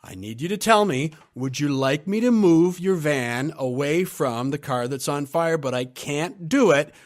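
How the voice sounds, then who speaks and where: A man doing a calm, unflappable race director. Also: fairly high pitch, measured pace. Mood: calm firm. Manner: steady, patient, politely insistent.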